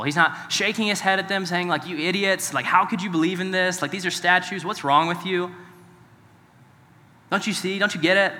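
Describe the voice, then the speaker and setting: His voice is a little high with a sharp tone as this male pastor gives a sermon in a conversational style. He frequently asks the congregation questions, and the recording carries long hall reverb.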